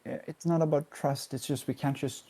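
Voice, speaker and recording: A man's voice: a little high, steady tone, brisk, dark tone. A man playing a tabletop game, speaking hesitantly with many fillers. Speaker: player. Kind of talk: tabletop role-play in character.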